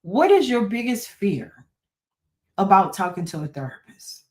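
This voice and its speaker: A woman's voice: mid-range voice, big pitch swings, unhurried. A woman therapist talking to her listeners in a preachy, folksy way, with repeated phrases, joking asides and many rhetorical questions. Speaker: therapist and podcast host. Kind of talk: solo talk to listeners.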